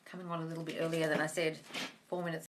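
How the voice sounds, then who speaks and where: A woman's voice: sits low, flat delivery, quick pace, background noise. A woman hosting a live-stream Q&A as a manifesting coach, reading viewer comments aloud and replying bluntly, calling everyone darling. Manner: blunt, swears casually. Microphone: phone.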